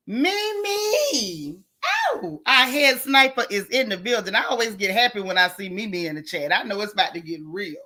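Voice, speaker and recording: A woman hosting a casual gossip livestream, sassy and animated, talking straight to her chat. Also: mid-range voice. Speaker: livestream host.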